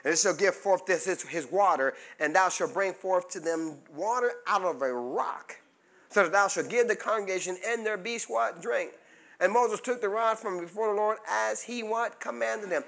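A man preaching a sermon as pastor, drawing call-and-response answers from the congregation and building to fervent shouts. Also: sits high, moderate pace, vocal fry.

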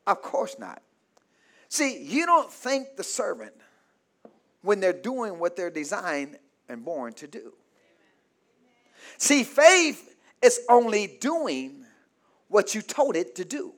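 High-voiced preacher with call-and-response. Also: male voice, sing-song, slow, long pauses. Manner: call-and-response, asks the congregation to fill in words; swings from loud shouting to low murmurs. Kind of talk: sermon.

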